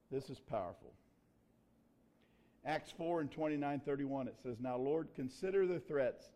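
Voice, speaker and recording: A pastor preaching a sermon in a folksy, conversational way, telling a personal story. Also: male voice, mid-range voice, normal speed, pauses often, mellow.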